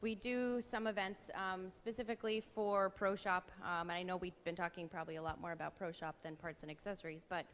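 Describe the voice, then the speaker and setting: A woman on a panel talking quickly with frequent ums. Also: fairly low pitch, steady tone, in a large hall. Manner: quick, hedging with many ums.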